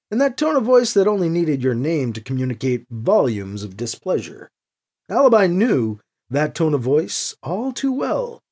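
An audiobook narrator reading a story aloud and giving each character a voice of their own. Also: husky. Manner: lively, voices each character with shifts in pitch.

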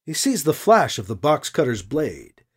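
A man reading a science fiction story aloud as narrator, expressive and animated. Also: fairly high pitch, moderate pace, husky. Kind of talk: audiobook narration.

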